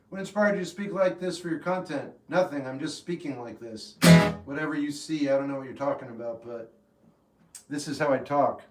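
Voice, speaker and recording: A man with a slightly high voice chats casually, answering questions in flat, clipped replies. His voice rings in an echoey room while faint guitar music plays behind him. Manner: deadpan, laconic short answers. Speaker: livestream host answering chat. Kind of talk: casual chat.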